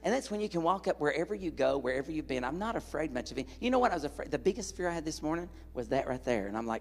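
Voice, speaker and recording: A man's voice: fairly high pitch, very fast, vocal fry, hardly any pauses, big-room sound. A middle-aged male evangelist preaching a sermon in a church, telling folksy stories and joking with the congregation. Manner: folksy, animated, jokes with the congregation. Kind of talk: sermon with storytelling.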